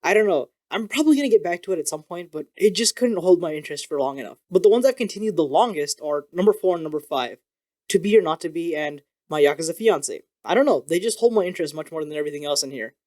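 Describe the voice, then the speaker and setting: In an animated, freewheeling manga review video, a man swears casually while his words rush out. His voice rests slightly higher than an average male voice.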